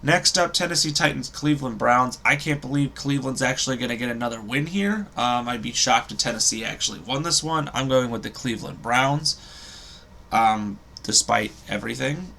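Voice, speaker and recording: Young male sports host, bright forward tone, hesitant and self-correcting, casual picks. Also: medium pitch, moderate pace, creaky, a little hiss or hum. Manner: rambling, hesitant, self-correcting with frequent ums.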